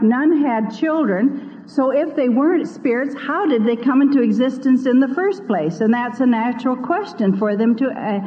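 An older woman telling her missionary story as a personal testimony, earnest and vivid, acting out the voices of the people she quotes. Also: a little high. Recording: dull lo-fi recording with long reverb.

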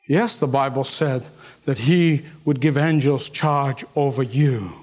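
A man preaching a sermon, emphatic, repeating key lines and acting out the voices in his stories. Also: high-pitched. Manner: emphatic, repeats lines for effect, acts out quotes.

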